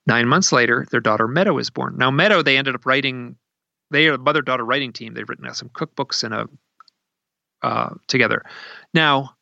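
Guy with a gravelly bright voice spinning a story at his desk, dull dry lo-fi sound. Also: mid-range voice, a little fast, dry recording. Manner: animated, acts out quoted speech in a raised voice. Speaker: researcher telling a story. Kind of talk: conversational storytelling.

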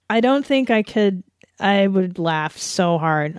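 A woman's voice: mid-range voice, lively intonation, takes it slowly, smooth, no echo, studio quality. A woman from the Los Angeles area, hosting a casual solo podcast and reading aloud with giggly, self-conscious, mock-dramatic delivery. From Los Angeles area, USA. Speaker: podcast host.

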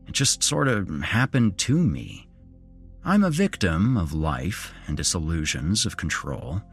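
Husky, low-voiced man narrating horror. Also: very animated, measured pace, faint music behind. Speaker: storyteller. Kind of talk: first-person horror narration.

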